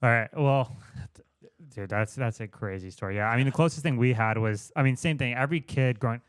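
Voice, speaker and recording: Smooth-voiced young man in studio chat. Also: mid-range voice, fairly quick, no echo. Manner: relaxed, chatty, laughs along. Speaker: podcast co-host. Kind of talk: casual chat. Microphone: studio microphone.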